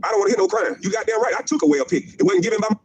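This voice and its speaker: A man's voice: high-pitched, very fast, background noise. A middle-aged man delivering a profane, mocking livestream rant, repeating his jabs and laughing at them. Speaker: former pro basketball player ranting on a stream.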